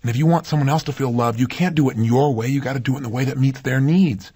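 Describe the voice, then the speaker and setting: Fast-talking husky motivational speaker man. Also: medium pitch, warm tone. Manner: emphatic, asks the listener rhetorical questions. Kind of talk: motivational talk.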